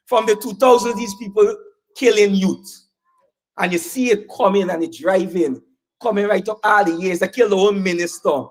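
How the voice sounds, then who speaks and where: A man's voice: sits high, moderate pace. A man with a Guyanese accent giving a fiery campaign speech, repeating lines and calling out to the crowd for answers. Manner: emphatic, repeats lines, call-and-response with crowd. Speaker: political rally speaker.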